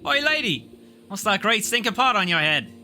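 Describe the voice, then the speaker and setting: A man's voice: sits high, sing-song, moderate pace, bright, forceful tone, faint music behind, pitched above the performer's own voice, exaggerated voice. A man voicing a scruffy, cocky young boy who keeps frogs, talking in brash rustic slang. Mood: mocking.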